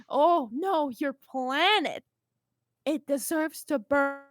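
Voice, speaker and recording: A woman plays a high, bright-voiced troll girl full of swagger. She swears freely and taunts everyone in earshot, in a dry, close-sounding amateur audio drama. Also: dry recording, heavily acted. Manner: swaggering, profane, mocking. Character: brash cocky teen troll girl.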